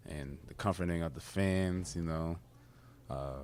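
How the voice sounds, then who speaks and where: Young male college athlete, deep voice, easygoing, short interview answers. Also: unhurried, a little mellow, smooth. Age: young adult. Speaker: college basketball player.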